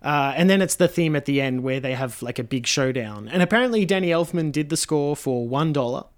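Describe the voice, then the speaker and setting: A man, a filmmaker guest on a podcast, chatting casually in a halting, profane way with frequent restarts. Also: on the high side, expressive.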